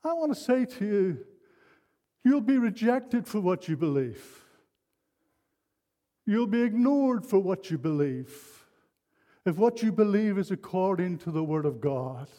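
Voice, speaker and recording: A man's voice: high voice, sing-song, a little slow, long pauses, dark tone. Older man preaching in a hall. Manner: earnest, rambling storyteller with frequent restarts. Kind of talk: sermon with personal anecdotes. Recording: long hall reverb.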